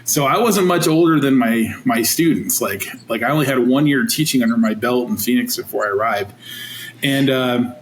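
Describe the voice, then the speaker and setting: A man in his forties, a teacher and coach, telling stories in an animated, chatty way with lots of fillers. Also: mid-range voice, moderate pace. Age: 40s. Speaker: teacher and football coach, guest. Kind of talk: casual storytelling interview. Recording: roomy echo, faint noise.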